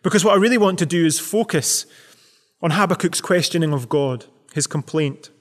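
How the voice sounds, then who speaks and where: A man delivering a Sunday sermon, his voice sitting high for a man and carrying a long reverberant tail. He preaches earnestly, pressing question after question to the congregation. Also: normal speed. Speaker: pastor.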